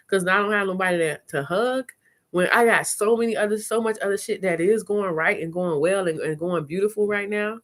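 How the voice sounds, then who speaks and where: A woman hosting a live chat, telling stories casually, swearing, and playing out conversations in quick voices. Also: mid-range voice. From lived in New Orleans. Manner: chatty, animated, swearing, retells talks in quick voices. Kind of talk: casual live-stream storytelling.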